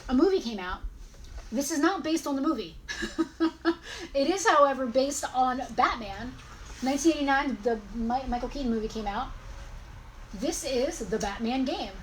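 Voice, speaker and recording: A woman's voice: sits high, lively intonation, moderate pace, pauses often, a little hiss or hum, low-quality recording. A woman in her forties hosting a casual live-stream sale of collectibles, chatty and rambling, often correcting herself mid-sentence. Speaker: host selling collectibles.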